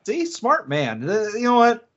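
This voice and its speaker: A man's voice: very high voice, huge pitch swings, unhurried, fairly bright tone, muffled recording. A man co-hosting a casual podcast, playful and laughing often. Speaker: podcast co-host.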